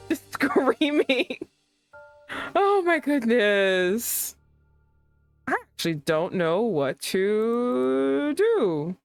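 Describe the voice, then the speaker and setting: A young woman hosting a casual livestream chat, excitable, swearing and breaking into laughing outbursts. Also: medium pitch, unhurried, faint music behind. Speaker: streamer host.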